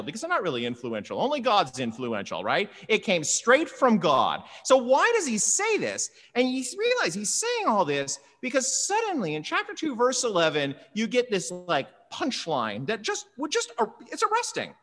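Preacher, scripture reading and commentary, emphatic, very expressive pitch, long hall reverb. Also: normal speed. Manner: animated, emphatic, with frequent "right?" asides. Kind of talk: Bible reading and sermon commentary.

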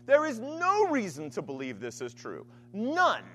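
Very animated conversational male preacher. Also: sits high, measured pace, slight background noise. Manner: conversational, keeps asking "right?"; animated storytelling. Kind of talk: sermon.

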